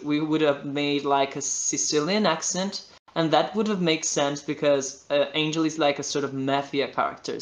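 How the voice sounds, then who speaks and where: A man from Italy with an Italian accent, whose first language is Italian, chatting as a voice-actor guest in an interview and often restarting as he hunts for words in English. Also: fairly high pitch. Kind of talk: casual interview chat.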